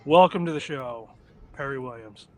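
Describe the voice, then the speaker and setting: A man's voice: medium pitch, normal speed, a little mellow. A man co-hosting a podcast, enthusiastic and joking. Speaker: podcast co-host.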